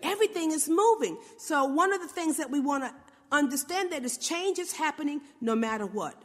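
A woman preacher gives an animated sermon in a high voice that rises and falls widely. She keeps throwing rhetorical questions at her listeners, and a long hall reverb trails her words. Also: a little fast.

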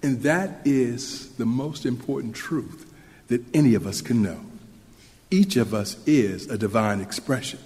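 A man preaching a sermon in an earnest, measured way, speaking to a congregation with occasional questions to them. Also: medium pitch, darkish tone. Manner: earnest, measured delivery with audience asides. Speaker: minister. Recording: long hall reverb.

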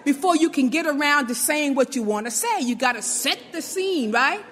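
A woman's voice: high-pitched, expressive, moderate pace, fairly bright tone, big-room sound. A woman from Brooklyn, giving an informal motivational talk and often checking in with "right?". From New York, Brooklyn. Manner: conversational, often asks "right?", acts out little quotes.

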